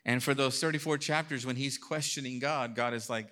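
Guy preaching, bright forceful voice, reads scripture then acts it out, goes quiet then loud. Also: medium pitch, steady tone, fairly quick. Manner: reads scripture aloud and acts out God's lines in a mock voice; shifts between hushed lines and loud bursts. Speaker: pastor. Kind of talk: sermon.

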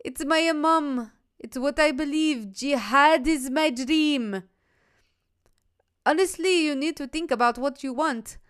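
A woman on a podcast voicing a nervous young woman with an attempted accent, reading out her messages in a high, strained voice. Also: slow pace, a bit bright. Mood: pleading.

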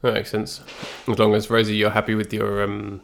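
Low gravelly man, deadpan podcast chat. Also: brisk. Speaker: podcast host and editor. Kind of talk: casual chat.

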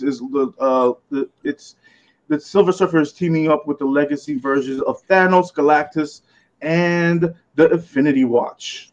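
A man on a casual comics podcast, his voice pitched a little high and sounding dull and lo-fi. He reads out comic book credits between frequent laughs and stumbles over the odd name. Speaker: podcast co-host presenting comics.

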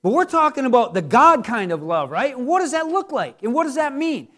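A man's voice: extremely high pitch, big pitch swings, a little fast, fairly bright tone. A middle-aged man preaching a sermon in a conversational, joking way, with many rhetorical questions. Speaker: pastor.

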